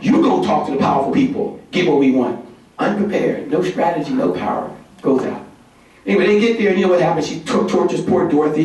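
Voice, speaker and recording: A man giving a conference talk as a community organizer, telling a story in an animated, folksy, emphatic way. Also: fairly high pitch. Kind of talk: conference speech. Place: conference hall. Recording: echoey hall from far off.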